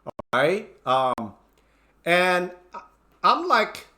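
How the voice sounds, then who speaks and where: A man telling a funny personal story in a casual, animated way. He stumbles through restarts and fillers and slips into the voices of people in the story. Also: high voice, very slow. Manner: animated, acts out his own panicked lines; many fillers and restarts, non-native grammar. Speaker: channel host telling a story.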